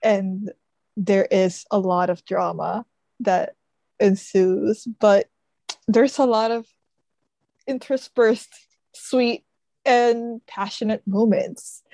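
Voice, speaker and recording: A woman's voice: medium pitch, fairly even intonation, slow pace, vocal fry, long pauses, dark tone, no room sound. A woman podcast co-host retelling a book plot in casual chat, full of "like" and "sort of" fillers. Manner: chatty, frequent fillers like "sort of" and "like".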